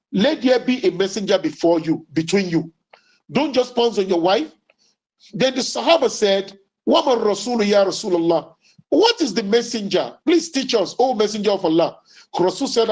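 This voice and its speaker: A man giving a religious lecture as an Islamic preacher, deliberate and emphatic, quoting Arabic sayings and repeating key lines. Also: extremely high pitch, poor audio. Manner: quotes Arabic sayings then explains them.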